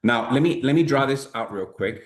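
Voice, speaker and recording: A male sales trainer talking to his team in a loose, animated way. He checks in constantly and acts out sample conversations. His mid-pitched voice echoes around the room. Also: moderate pace.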